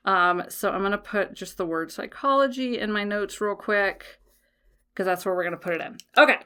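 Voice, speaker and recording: Frank, animated woman podcast host. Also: medium pitch, moderate pace, smooth. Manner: frank, swears freely, keeps checking in with "okay?". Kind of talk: casual solo podcast talk.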